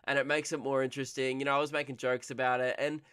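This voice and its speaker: A man's voice: mid-range voice, level tone, fast, fairly bright tone, clean tone, no room sound, studio quality. A man hosting a comedy podcast, telling a story casually, rambling with restarts and fillers and swearing freely.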